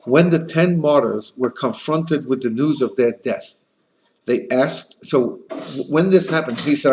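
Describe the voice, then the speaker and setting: Rabbi teaching a class, tells stories with lots of restarts, faint hiss behind. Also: male voice, medium pitch, unhurried. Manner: animated storytelling with frequent restarts. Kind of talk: Torah class lecture.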